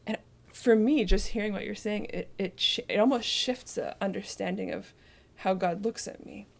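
A woman reflects on and affirms her co-host's points in a casual faith conversation. Her voice has a gravelly texture. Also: medium pitch, normal speed.

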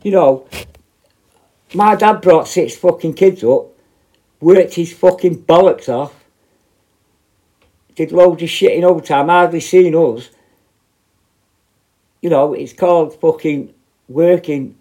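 A man's voice: fairly high pitch, slow pace, pauses often, dark tone. A middle-aged man, a former prison officer, ranting bluntly and confrontationally straight to camera, full of swearing. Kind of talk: angry direct-to-camera rant.

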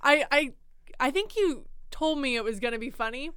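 Giggly, gushing woman in casual chat, smooth voice, dry close sound. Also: high voice, animated, normal speed, a bit bright, no echo. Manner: enthusiastic, giggly, rambling. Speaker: co-host, listener.

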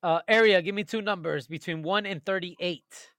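A man's voice: high-pitched, moderate pace, fairly bright tone, no room sound. A man hosting a casual group voice chat, running a cereal tournament with a teasing, chatty manner and frequent laughter, speaking into a headset on a call.

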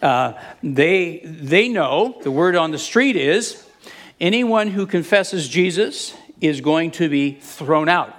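A man preaching a sermon, retelling a Bible story with animated storytelling and acting out the speakers he quotes. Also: high voice.

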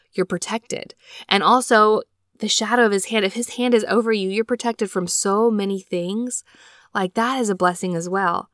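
A woman hosting a devotional scripture-study podcast from a small closet on a laptop microphone, reading verses slowly and then reflecting earnestly. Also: on the low side, a bit bright, dry recording, clean studio sound. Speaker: podcast host. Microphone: built-in laptop microphone.

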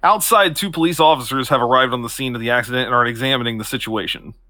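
A man's voice: mid-range voice, fast, bright, forceful tone, no room sound, clean studio sound. Man reading sketch stage directions. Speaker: podcast co-host. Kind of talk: reading scene narration for a comedy sketch.

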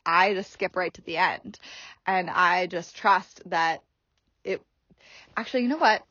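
A woman's voice: lowish voice, measured pace, sharp tone, dry recording. A woman hosting a solo podcast, talking casually and chattily with many fillers and frequent laughs. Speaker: podcast host. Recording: dry, slightly dull podcast audio.

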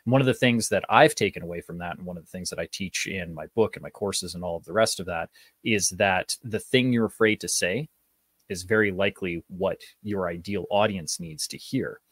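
A man's voice: sits low, a little fast, fairly bright tone, no room sound. A man who coaches public speaking, guest on a radio interview, telling a story in a loose, rambling way with fillers. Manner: storytelling with many fillers and restarts. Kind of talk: casual interview talk.

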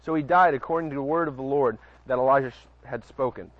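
A fast-talking man with a medium-pitched voice preaches casually outdoors at night near a porch. He reads Bible passages aloud, often stumbling over words and adding chatty asides to listeners, in a dull lo-fi recording.

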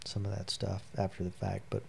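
A middle-aged man with a lowish, gravelly voice tells family stories as a guest on a long interview. He rambles in a heartfelt way, full of ums and you-knows. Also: monotone, a little fast, a little mellow, slight background noise. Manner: rambling, heartfelt storyteller with many fillers. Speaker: guest, military veteran. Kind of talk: personal storytelling in a long interview.

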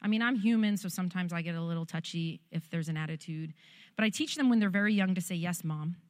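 A woman's voice: lowish voice, fast talker, a little mellow, big-room sound. A woman pastor preaching a sermon and telling a personal testimony in a conversational, heartfelt way.

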